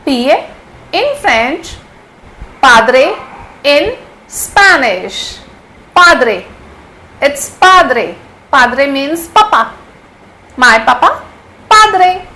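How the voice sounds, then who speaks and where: Slow, high-voiced woman teacher. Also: very animated, pushed and bright, rough recording. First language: Hindi. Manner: patient, repeats each word slowly several times. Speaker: language teacher. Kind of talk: vocabulary lesson.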